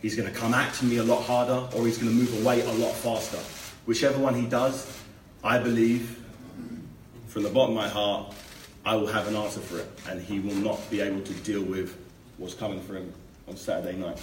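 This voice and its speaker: A lower-voiced man gives measured, determined press conference answers, repeating words as he gathers his thoughts. He sounds distant in a reverberant hotel room, with a faint background hiss. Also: flat delivery. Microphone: room mic, heard from a distance. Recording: echoey room, distant mic, faint noise.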